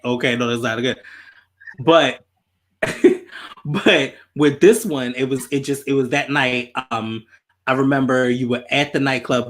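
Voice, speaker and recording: A man tells a story on a podcast, talking in a loose, animated way. He swears freely and repeats himself as the story builds. His voice sits at an average pitch. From Baltimore, USA. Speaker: podcast host. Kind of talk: casual storytelling.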